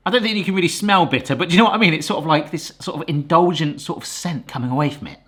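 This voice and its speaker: A man hosting a casual cooking vlog, chatty and quick to exclaim over the food. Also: fairly high pitch, slightly rough. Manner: chatty, excitable, exclaims often. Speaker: cooking video host.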